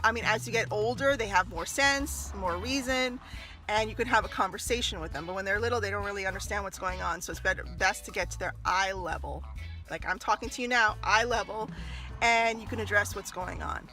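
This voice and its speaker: A woman talking casually to camera as a mother and former early childhood teacher, animated and laughing often as she acts out little scenes. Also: medium pitch, fairly quick, faint music behind. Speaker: mother giving parenting tips. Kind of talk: casual advice vlog to camera.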